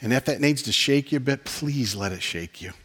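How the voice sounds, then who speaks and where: A man's voice: mid-range voice, expressive, brisk, breathy edge. Male pastor, mid-range voice, earnest impassioned sermon delivery with a closing prayer. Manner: earnest, impassioned preaching with soft laughs.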